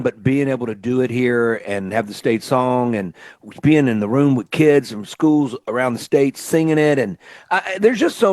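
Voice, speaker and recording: A man from Mississippi hosting a relaxed radio chat. He talks in a reflective, grateful way, and his phrases drift along at an easy pace. The sound is close and dry, with no room echo. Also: medium pitch. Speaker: radio show host and singer-songwriter.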